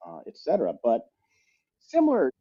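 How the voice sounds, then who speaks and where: A middle-aged man co-hosting a podcast, telling a rambling travel anecdote in a lively, casual way with frequent restarts. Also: medium pitch, moderate pace, slightly rough. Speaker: podcast co-host. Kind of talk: casual storytelling. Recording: slightly muffled audio.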